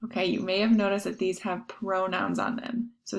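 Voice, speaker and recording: A woman's voice: mid-range voice, level tone, normal speed, gravelly, few pauses. A woman teaching a recorded Spanish lesson to her class, explaining patiently step by step with examples.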